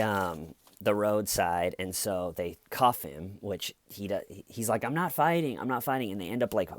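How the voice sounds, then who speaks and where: Low-voiced man telling a story, dry sound. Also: dry recording. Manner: rambling, many restarts and self-corrections. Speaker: channel host. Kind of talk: casual storytelling commentary.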